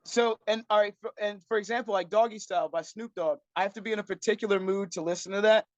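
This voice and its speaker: A man talks in a relaxed podcast chat, blunt and a bit profane, restarting his sentences as he thinks. His voice sits high, and the recording is dry with no room sound. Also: fast, no room sound, highs cut off. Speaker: podcast co-host. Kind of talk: casual chat.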